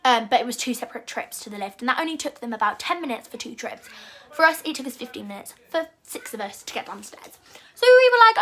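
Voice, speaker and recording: A young woman telling a rambling, animated storytime vlog and acting out her own panicked quotes. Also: a little high, fast talker. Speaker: vlogger.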